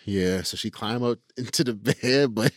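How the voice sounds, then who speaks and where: A man's voice: on the low side, measured pace, no echo, clean studio sound. A man co-hosting a casual podcast, telling stories with lots of laughter and swearing. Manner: animated, laughing storyteller who swears a lot. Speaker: podcast co-host. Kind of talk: casual chat, storytelling.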